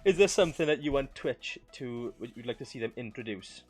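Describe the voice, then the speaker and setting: A man's voice: medium pitch, animated, a little fast, breathy edge. A young man hosting a casual podcast, joking around and leaning on "right, okay" fillers. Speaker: podcast host.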